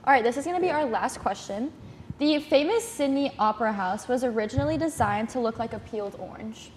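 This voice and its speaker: Bubbly high-voiced young woman host. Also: expressive, brisk. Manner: bubbly, giggly, chatty. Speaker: game show host. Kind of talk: hosting a casual trivia game. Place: college TV studio. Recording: echoey studio, faint noise.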